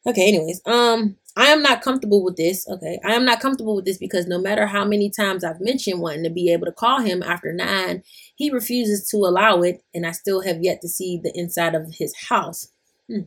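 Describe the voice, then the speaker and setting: A woman's voice: medium pitch, brisk, a bit bright, slightly rough. A young woman hosting a podcast, reading a listener's story aloud and reacting bluntly, swearing freely. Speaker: podcast host. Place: lives in Atlanta.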